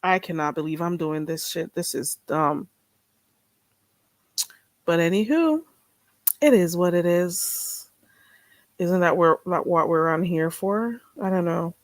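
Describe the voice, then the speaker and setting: A woman's voice: fairly low pitch, takes it slowly, pauses often, dry recording. A woman vlogger in casual solo chat, chatty and self-mocking, talking half to herself.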